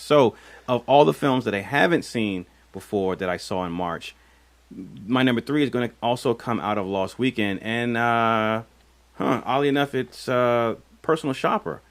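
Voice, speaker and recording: A man with a fairly low voice co-hosts a casual film podcast. He talks in a rambling, thoughtful way, circling back with fillers and restarts as he weighs his picks. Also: normal speed. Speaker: podcast co-host.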